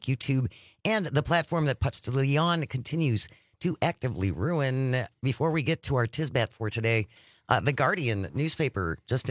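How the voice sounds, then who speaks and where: A man's voice: medium pitch, no echo. A man co-hosting a casual radio talk show from a studio, reading headlines with dry jokes.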